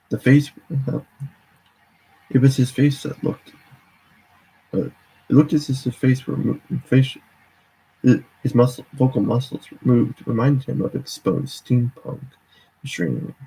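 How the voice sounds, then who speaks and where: A man's voice: mid-range voice, creaky, mellow, husky, poor audio. A man casually reading a horror story aloud live, often stumbling and correcting himself. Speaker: reader.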